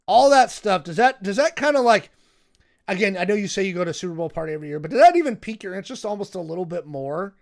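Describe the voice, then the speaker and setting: Animated man telling a sports story. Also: high voice, fast, gravelly. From Seattle area, United States. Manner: animated storytelling, many fillers and "right?" tags. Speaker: co-host. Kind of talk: casual podcast chat.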